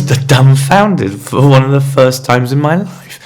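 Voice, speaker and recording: A man's voice: mid-range voice, animated, unhurried, few pauses, darkish tone. A man hosting a podcast, telling a candid, rambling personal story in a confessional monologue. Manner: rambling, candid, self-searching. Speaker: podcast host.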